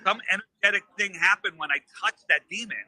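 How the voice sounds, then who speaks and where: A man telling a story in casual chat, animated and acting out the lines of the people in it. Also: high voice, quick pace, no echo, poor audio. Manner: animated, acts out quoted dialogue. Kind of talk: casual storytelling on a live stream.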